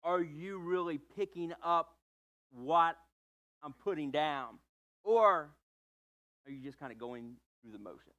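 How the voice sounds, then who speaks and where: Man doing an earnest male teacher; higher voice, plain searching questions. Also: takes it slowly, long pauses, fairly bright tone.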